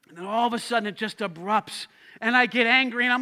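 A man, the lead pastor, preaching a lively sermon, acting out quoted voices and shouting in bursts. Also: very high voice, quick pace, clean tone.

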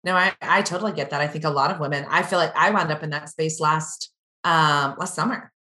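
Low bright-toned woman chatting candidly. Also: brisk, reverberant. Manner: candid, animated storytelling with acted-out quotes. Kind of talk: casual chat.

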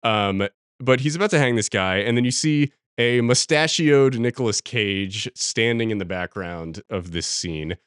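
Male podcast co-host, deep voice, dry close mic, rambling casual film talk. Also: a little slow, a bit bright, smooth, dry recording. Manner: rambling, laughs at what he describes. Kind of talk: casual film review chat.

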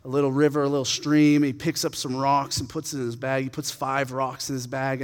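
A man preaching a sermon, retelling a story in a casual, animated and humorous way. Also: medium pitch, long reverb tail. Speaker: pastor.

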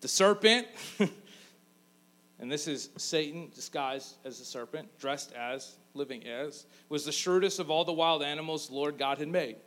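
A man's voice: on the high side, measured pace, fairly bright tone. A man preaching a casual, joking sermon, acting out the people in his story. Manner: casual, joking storyteller who acts out voices. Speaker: pastor.

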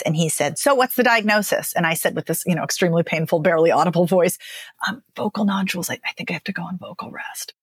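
A woman who works as a speech and dialect coach, talking about her path in a chatty, animated podcast interview and laughing often. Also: medium pitch, slightly rough, no room sound, studio quality.

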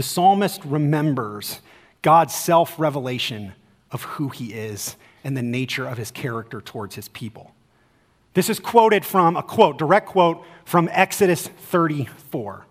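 A male pastor preaching a sermon in a church sanctuary, casual and lively, then going slow and low for scripture. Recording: long hall reverb.

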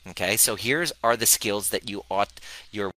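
A man coaching live on a stream, energetic and blunt, acting out his clients' worries in quick quoted voices. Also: on the low side, no echo, rough recording.

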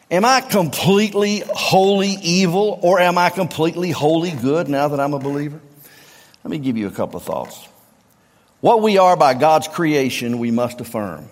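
A middle-aged man with a Southern US accent preaching a sermon, emphatic, repeating refrains and swinging from low tones to near-shouts. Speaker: pastor. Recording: long reverb of a large hall.

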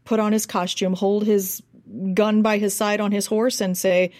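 A woman's voice: mid-range voice, normal speed. An American woman, a dialect coach, telling stories in an interview and acting out accents as she goes. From United States. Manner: animated, demonstrates accents and sounds. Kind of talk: interview guest, casual storytelling.

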